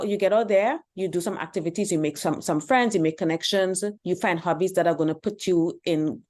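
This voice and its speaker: A woman's voice: lowish voice, brisk, hardly any pauses, darkish tone. A woman hosting a dating advice channel, speaking bluntly and preachily and repeating her points. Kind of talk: commentary on a reaction video.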